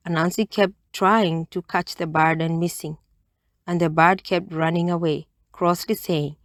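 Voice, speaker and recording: A woman reads a children's bedtime story aloud, gentle and expressive, at a very slow, unhurried pace. Her voice sits slightly low, and the sound is dry and close. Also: no room sound.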